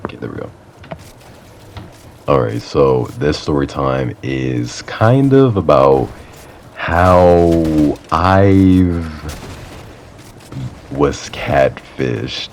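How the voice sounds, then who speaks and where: A young man with an extremely low, gravelly voice tells a casual story time at an unhurried pace. He rambles and fills every gap with fillers, now and then laughing at himself. Faint noise sits under his console mic. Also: sing-song, darkish tone. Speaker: YouTuber. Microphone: console setup mic.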